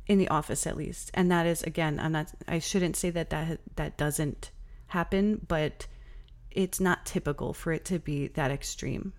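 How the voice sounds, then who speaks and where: A woman's voice: low voice, steady tone, normal speed. A young woman hosting a podcast, candidly telling a personal story in a casual, exasperated way, with many fillers. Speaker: podcast host.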